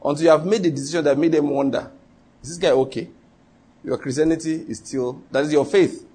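A man's voice: fairly high pitch, fairly even intonation, fast talker, mellow, slightly rough. A man preaching a sermon as pastor, emphatic and repetitive, often quizzing the congregation with rhetorical questions.

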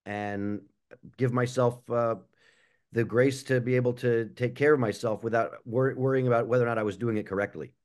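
A man speaking as a panelist on a video call, answering in a reflective, earnest way with frequent fillers. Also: medium pitch. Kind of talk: casual chat.

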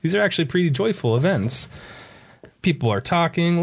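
Man walking a listener through a storybook; relaxed, easy laughs, slow guided breathing cues. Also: medium pitch, creaky. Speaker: children's book presenter. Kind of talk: reading a picture book aloud in a conversation.

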